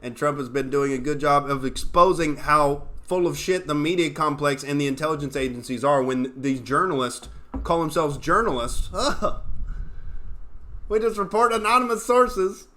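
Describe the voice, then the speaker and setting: A man's voice: a little high, moderate pace, bright, forceful tone. A young adult man from Oklahoma hosting a comedy political livestream, ranting profanely and sarcastically and reading chat aloud. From Oklahoma, USA. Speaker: comedian host.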